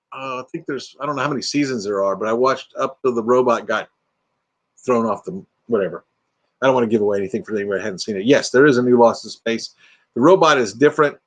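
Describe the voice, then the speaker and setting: An older man from Texas with a Texan accent, hosting a casual live chat and joking around with silly bits. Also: mid-range voice. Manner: jokey, slips into silly bits and voices. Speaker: livestream host.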